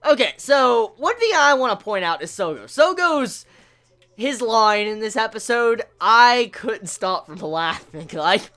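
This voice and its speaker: Excitable woman anime reviewer, casual and profane, frequent laughter. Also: fairly high pitch, unhurried. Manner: excitable, swears a lot, laughs often.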